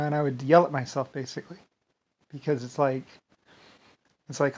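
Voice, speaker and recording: A man in a loose, rambling monologue. He stumbles over his words, repeats them and restarts his sentences. His voice sits at an ordinary middle pitch, and he drifts off with filler as he goes. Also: steady tone, normal speed, a little mellow. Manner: trails off with "anyway, whatever". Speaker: vlogger.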